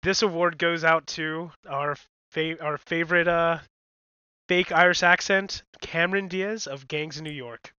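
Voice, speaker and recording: A man's voice: fairly high pitch, fairly even intonation, measured pace, sharp tone, clear, resonant tone, highs cut off. A man co-hosting a podcast in casual, wry, sarcastic chat. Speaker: podcast co-host.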